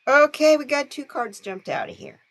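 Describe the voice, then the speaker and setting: Woman, live-stream tarot host, chatty and easy to laugh, with a very lively pitch. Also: moderate pace, background noise. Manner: chatty, laughs often, greets viewers by name. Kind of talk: casual live-stream chat with viewers.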